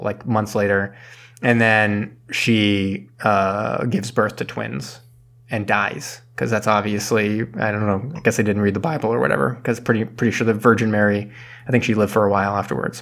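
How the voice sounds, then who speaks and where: A man's voice: fairly low pitch, fairly even intonation, moderate pace, fairly bright tone. A man casually recapping a film plot on a podcast, rambling, laughing and acting out the characters' lines. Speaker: podcast co-host. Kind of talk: casual movie recap chat.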